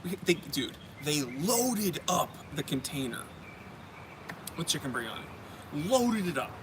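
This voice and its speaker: A man hosting a loose, casual chat, rambling and cracking jokes. His voice sits a little high. There is clear noise in the background. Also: very animated, unhurried. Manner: rambling, many "like" fillers, joking. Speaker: host. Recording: noisy background.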